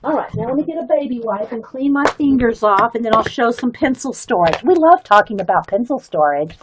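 A woman's voice: on the high side, animated, fairly quick, noisy background. A woman hosting a casual art and craft live stream, chatting to viewers and reading their comments, giggly and full of fillers and restarts. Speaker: art and craft livestream host. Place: home craft studio.

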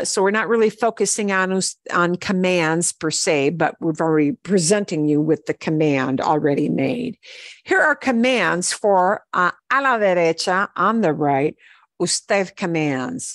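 Slow, patient woman teaching Spanish. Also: mid-range voice, dry recording. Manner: patient, repeats words slowly for learners; switches between English explanation and Spanish examples. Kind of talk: online language lesson.

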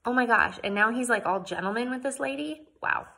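List: woman, storybook reader, breathy voice, plain narration. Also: a little high, fairly quick, sharp tone. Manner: plain narration with casual asides. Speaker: audiobook reader. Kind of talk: reading a novel aloud.

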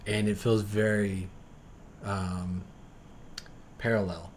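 A man's voice: on the low side, flat delivery, takes it slowly, slight background noise. A man hosting a podcast, chatting casually and rambling about movie trailers with lots of fillers and self-doubt. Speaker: podcast host. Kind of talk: casual trailer reaction chat. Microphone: streaming mic.

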